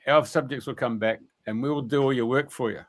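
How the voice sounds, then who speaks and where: A man's voice: mid-range voice, steady tone, a little fast, slight background noise, natural voice. A man voicing a stern, commanding male elf king who bluntly lays down terms.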